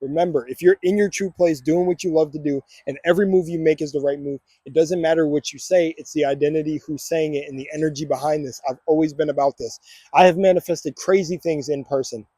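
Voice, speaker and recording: Energetic young man chanting affirmations. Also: a little high, fast talker, husky, no echo, clean studio sound. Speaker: vlogger. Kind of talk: casual motivational vlog with affirmations. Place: outdoors on a walk. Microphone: phone camera.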